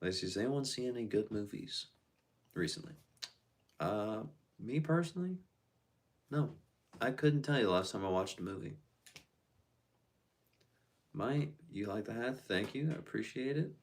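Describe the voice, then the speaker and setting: A man's voice: fairly low pitch, animated, normal speed, long pauses. A man casually chatting on a live stream, reading out viewer comments and answering them in a laid-back, slangy way.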